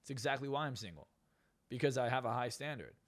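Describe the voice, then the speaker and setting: Fast-talking blunt, profane man. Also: mid-range voice, animated. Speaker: podcast guest. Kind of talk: casual podcast talk.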